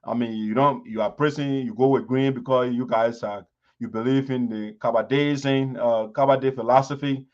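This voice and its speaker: A man giving impassioned community commentary, emphatic and repetitive, his voice rising to sharp peaks. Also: mid-range voice, fairly even intonation, normal speed. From Liberia. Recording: dull lo-fi sound.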